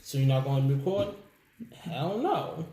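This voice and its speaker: A man telling stories as a guest in a casual interview, animated, laughing often and acting out what people said. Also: medium pitch, a little slow. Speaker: musician guest. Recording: echoey room with faint background noise.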